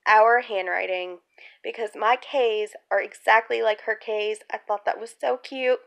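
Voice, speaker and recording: A woman chatting casually while unboxing a gift on her bed, excitable and chatty with frequent squeals, filmed on a handheld phone. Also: medium pitch, a little slow, gravelly. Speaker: crafts vlogger. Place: bedroom at home. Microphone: handheld phone camera.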